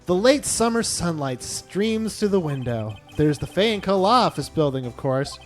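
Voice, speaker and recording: A man's voice: sits high, sing-song, normal speed, faint music behind. A man reading the lines of an earnest young male defense lawyer, dry and flustered. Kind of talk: reading game dialogue aloud.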